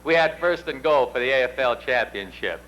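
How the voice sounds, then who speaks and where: A man's voice: mid-range voice, expressive, normal speed, fairly bright tone, a little hiss or hum, low-quality recording. A middle-aged man presenting at an induction ceremony, telling folksy, self-deprecating stories. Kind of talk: speech with storytelling.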